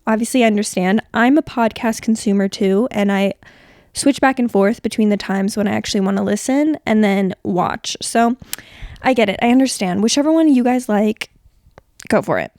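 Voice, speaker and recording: A woman in her twenties hosting a casual solo podcast, chatty and rambling, her voice a little rough from being sick. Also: mid-range voice, moderate pace, darkish tone, dry recording, clean studio sound. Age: 20s. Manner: chatty, rambling, filler-heavy. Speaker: podcast host. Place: bedroom.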